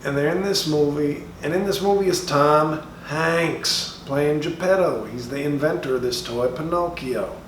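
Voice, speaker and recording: Fairly high-pitched and a bit slow, yet with hardly any pauses, a man uses his natural voice to play a brash middle-aged comedian lecturing schoolchildren at an assembly. The comedic monologue is mock-serious, drawling, profane and taunting, recorded from afar in an echoey room with faint noise.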